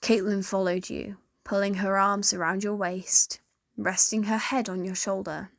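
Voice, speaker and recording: A young woman narrating a fan fiction story in second person, in a slow, steady storytelling manner. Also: mid-range voice, creaky, dry recording, clean studio sound. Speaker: narrator and voice actor.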